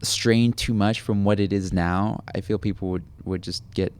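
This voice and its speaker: A man's voice: on the low side, steady tone, moderate pace, clean tone. A man co-hosting a podcast in casual chat, rambling with many fillers and teasing his friends. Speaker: podcast co-host.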